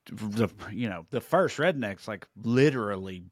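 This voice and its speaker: A man's voice: fairly low pitch, animated, unhurried, dry recording. Rambling Southern man on a dry mic. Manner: rambling, lots of filler and restarts. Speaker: podcast co-host. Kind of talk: casual chat.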